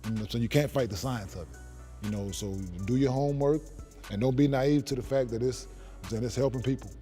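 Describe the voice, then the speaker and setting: A man's voice: mid-range voice, fairly quick, dark tone, faint music behind. A man, a former NBA player, talking earnestly and steadily in a casual panel discussion.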